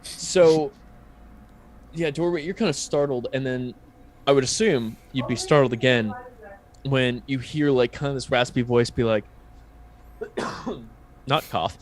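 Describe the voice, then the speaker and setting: Male game master, relaxed rambling narration, faint background noise. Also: medium pitch, moderate pace. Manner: loose, conversational, many fillers.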